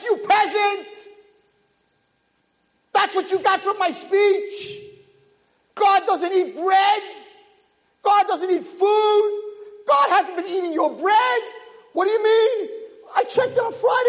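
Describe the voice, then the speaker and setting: A man voicing a stern rabbi who shouts and scolds a foolish peasant in a story he tells. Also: very high voice, voice pushed up, exaggerated voice. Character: furious stern male rabbi scolding a fool. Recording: echoey hall.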